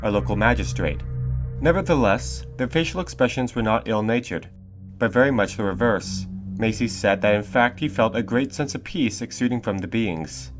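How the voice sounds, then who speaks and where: A male narrator reads a scripted documentary in a steady, measured voice. Music runs clearly underneath him throughout. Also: fairly low pitch.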